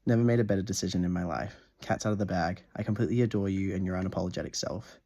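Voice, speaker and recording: A man's voice: sits low, very fast, dark tone. A young man in a casual video diary, gushing over a gift and swearing freely, stumbling as he reads a letter aloud at home. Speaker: vlogger.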